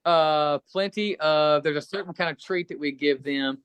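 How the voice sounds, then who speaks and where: A man's voice: fairly high pitch, normal speed, smooth, no room sound. A middle-aged man from Kentucky, a musician guest chatting casually and a bit rambling in an interview. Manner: relaxed, rambling, friendly.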